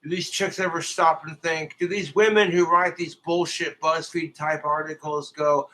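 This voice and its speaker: A man rants crudely on a livestream, swearing freely as he talks to his viewers. His voice sits a little high and comes out forceful and tense. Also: fairly even intonation, normal speed, hardly any pauses, poor audio. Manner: crude, profane, ranting. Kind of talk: livestream rant.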